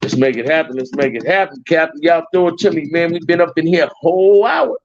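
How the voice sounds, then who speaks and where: Talking fast in a fairly high voice, a middle-aged host from Compton in Los Angeles runs a relaxed livestream chat with his viewers. He leans on slang and keeps saying the same phrases again. The lo-fi stream audio comes through dull and dry.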